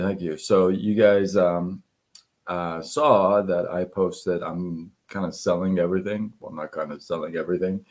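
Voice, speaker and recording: Slow, deep-voiced man hosting a livestream. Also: a little mellow. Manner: halting, many fillers and throat-clearing. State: losing his voice. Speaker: livestream host. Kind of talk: casual livestream talk. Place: home apartment.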